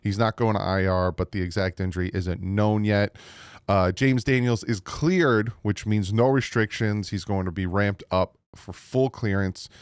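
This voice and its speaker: A sports channel host with a New Jersey accent loosely rambles through team news for his viewers, often restarting sentences and sounding mildly frustrated. His very low voice comes across smooth and clean, recorded dry and close with no room sound.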